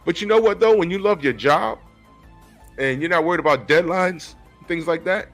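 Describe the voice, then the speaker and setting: A man in his forties giving animated, casual commentary on a comic book, talking straight to his viewers. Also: high-pitched, normal speed, soft background music. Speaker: comic book reviewer and artist.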